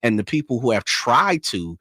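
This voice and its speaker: A man's voice: medium pitch, sing-song, normal speed, bright, forceful tone, husky, no echo, clean studio sound. A man co-hosting a casual sports talk show, emphatic and colloquial. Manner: emphatic, colloquial, uses boxing and horse imagery. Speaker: co-host.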